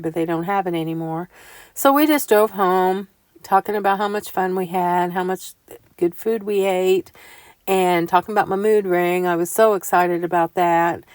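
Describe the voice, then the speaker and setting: An older woman telling homey stories in a chatty, casual voiceover, growing animated as she recounts things. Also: medium pitch, no echo. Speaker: vlogger. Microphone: close mic voiceover.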